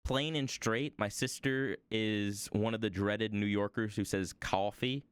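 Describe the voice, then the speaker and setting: A young man with a New York accent chats idly on a stream while crafting. His low, smooth voice wanders through jokey, self-mocking tangents. The sound is close and dry, with no room around it. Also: steady tone, a little slow, no room sound. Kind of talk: casual rambling chat while crafting.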